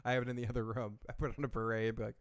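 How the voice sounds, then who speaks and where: Rambling, clear-voiced male host. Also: medium pitch, flat delivery, rapid-fire. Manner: rambling, profane, chuckling asides. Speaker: show host. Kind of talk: casual live-stream chat.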